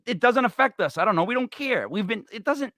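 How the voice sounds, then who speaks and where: Male talk host, lively and bright, dry close sound, rambling and joking, high voice. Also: fairly quick, dry recording. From Italian-American. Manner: animated, digressive, joking. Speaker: podcast host. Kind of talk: rambling comedic talk show chat.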